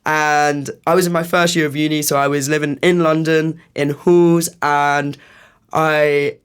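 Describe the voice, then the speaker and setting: Young guy guesting on a podcast, kinda high voice, smooth, lots of ums. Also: little pitch movement, measured pace. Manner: easygoing, hesitant with many ums, laughs often. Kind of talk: casual chat.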